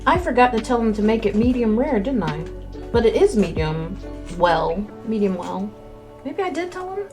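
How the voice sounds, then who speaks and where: Speaking at normal speed with a fairly high pitch and big swings in intonation, a woman streamer chats casually while eating. She chews between words and talks candidly into a close desk mic, with faint music in the background.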